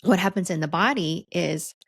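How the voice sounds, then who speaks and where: A woman's voice: lowish voice, normal speed, vocal fry, husky, no room sound, studio quality. A woman hosting a solo podcast, teaching leadership in a conversational way, often checking in with "right?". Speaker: leadership coach and podcast host.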